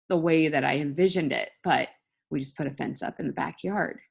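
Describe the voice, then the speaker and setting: A woman's voice: fairly low pitch, creaky, highs cut off. A woman, probably in her thirties, giving a blunt, emotional motivational talk over a video call, crying as she swears and pleads with her listeners. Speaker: motivational speaker.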